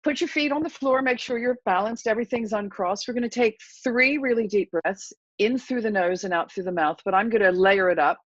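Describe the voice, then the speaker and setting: A woman's voice: a little high, a little fast, few pauses, dry recording. Woman therapist guest, confident instructor, dry dull lo-fi remote audio. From England. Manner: confident, instructive, warm-paced coaching. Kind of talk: interview answers with a guided breathing demo.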